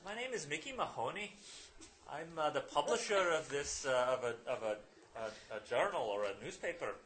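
A man's voice: on the high side, lively intonation, normal speed, fairly bright tone, slight background noise, voice pushed up. Man doing a chummy cigar-chomping newspaperman. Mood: jovial. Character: scruffy red-haired male newspaper publisher, cigar-smoking, chummy.

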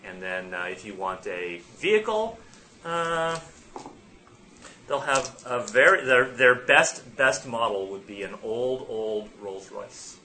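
Lively, bright-voiced male game master. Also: medium pitch, slow pace, a little hiss or hum. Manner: improvising, laughs between lines. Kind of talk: narrating a tabletop game.

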